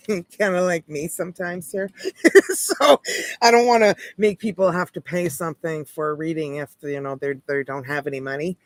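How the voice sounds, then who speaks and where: A Canadian woman hosting a casual tarot livestream, chatting in a rambling, easygoing way with lots of "like" and light laughs. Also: on the low side.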